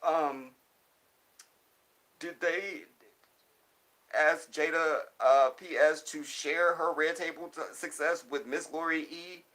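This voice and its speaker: A man's voice: a little high, fairly even intonation, slow pace, long pauses, a bit bright, rough recording. A man hosting a casual live stream, reading viewer comments aloud and reacting with lots of laughter and repeated phrases. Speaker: host.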